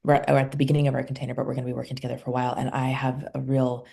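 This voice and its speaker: A woman speaks as a podcast guest, a somatic healer recalling a couples session. Her voice sits low and warm with a gravelly, slightly husky edge. She retells the story conversationally and voices the people in it as she goes. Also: flat delivery, racing. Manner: recounts client sessions, acting out quoted dialogue.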